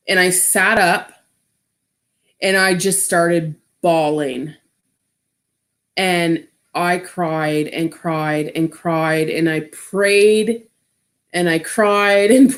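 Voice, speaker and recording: Slow-talking woman rambling through a story. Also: mid-range voice. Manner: rambling, full of "like" fillers. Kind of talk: casual personal storytelling.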